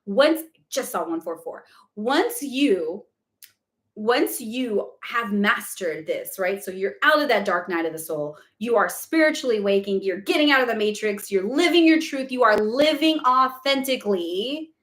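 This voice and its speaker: A woman's voice: medium pitch, animated, unhurried, fairly bright tone, roomy sound. A woman spiritual coach answering questions on a live stream, chatty and emphatic, often checking in with "okay?" and speaking bluntly. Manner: candid and blunt, with casual swearing.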